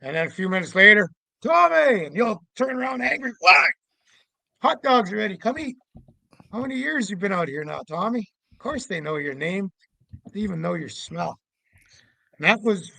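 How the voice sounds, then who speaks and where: A middle-aged man from Canada telling stories in a casual, animated way, shouting out the voices of the people in them. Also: fairly high pitch, creaky, no echo, low-quality recording. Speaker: guest storyteller, Sasquatch investigator. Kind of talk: casual storytelling.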